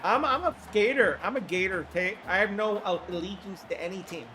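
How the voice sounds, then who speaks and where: Male streamer, hoarse, high-pitched, excitable casual play-by-play, faint music behind. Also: fairly quick. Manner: excitable, chatty, swears casually. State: hoarse throat. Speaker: livestream host. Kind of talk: casual play-by-play game commentary.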